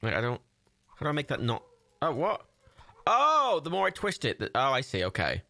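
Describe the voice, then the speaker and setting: A man's voice: mid-range voice, huge pitch swings, normal speed, pushed and bright, no echo. A young man chatting casually while playing a building game, often confused, laughing and swearing. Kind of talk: casual gameplay chat.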